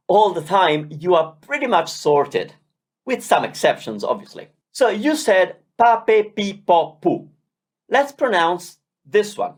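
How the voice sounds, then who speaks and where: A language teacher giving a beginner lesson, drilling syllables slowly and encouraging learners. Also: mid-range voice, very animated.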